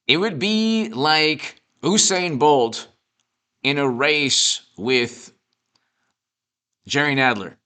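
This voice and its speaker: A man's voice: a little high, very slow, pauses often, bright, forceful tone, clear, resonant tone. A man giving off-the-cuff political commentary, mocking and sarcastic, rambling with restarts. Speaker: political commentator and show host.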